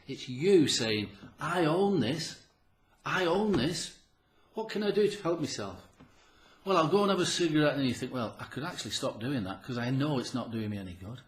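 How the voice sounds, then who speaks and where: Earnest man in an echoey room. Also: medium pitch. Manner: earnest, persuasive, with many rhetorical questions and repeated restarts. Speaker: health channel host. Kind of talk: casual direct-to-camera talk.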